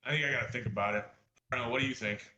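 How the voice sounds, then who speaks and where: A man chatting hesitantly with many fillers, heard quietly off-mic. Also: mid-range voice, fairly even intonation, very fast, roomy sound, poor audio. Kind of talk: casual chat on a live stream.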